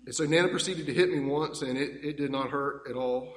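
A man's voice: fairly high pitch, fairly quick. A man telling fond, rambling family stories in a eulogy, speaking in a church. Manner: warm, rambling, fond anecdotes. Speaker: grandson giving a eulogy. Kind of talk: heartfelt eulogy storytelling. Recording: echoey church hall with long reverb.

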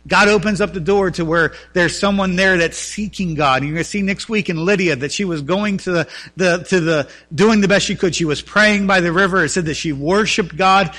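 Bright-voiced preaching pastor, man. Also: sits high, brisk, few pauses. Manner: preaching with swings from loud emphatic runs to quiet earnest talk. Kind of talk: sermon. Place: church.

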